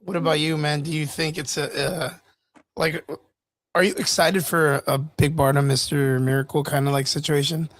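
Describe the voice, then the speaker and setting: A man co-hosting a casual podcast chat, animated and quick to laugh, swearing freely. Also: a little high, no room sound. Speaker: podcast co-host.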